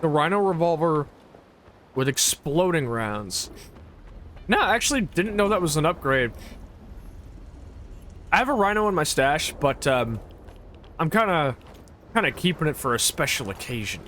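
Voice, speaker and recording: A woman's voice: low-pitched, very animated, normal speed, pauses often, fairly bright tone. A woman livestreaming a game who talks loosely and profanely, stumbling through fillers and restarts as she answers chat. Her casual chatter runs between reactions to what happens on screen, with faint noise in the background. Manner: rambling, profane, full of fillers and laughs. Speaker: game streamer.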